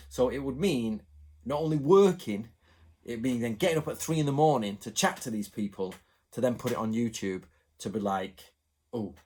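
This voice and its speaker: Husky, rambling English man. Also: fairly low pitch. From England. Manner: rambling, animated, with asides. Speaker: channel host. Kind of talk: casual chat to camera.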